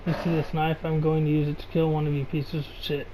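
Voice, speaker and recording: A man voicing a vengeful, sadistic young man who threatens his captive in a fast, snarling rush. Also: on the high side, flat delivery, background noise, lightly acted. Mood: menacing.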